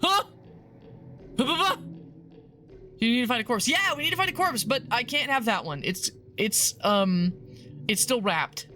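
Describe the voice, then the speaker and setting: A woman's voice: on the high side, lively intonation, moderate pace, pushed and bright, faint music behind. A woman streaming a game, reading its eerie text aloud and chatting casually, laughing often and swearing now and then.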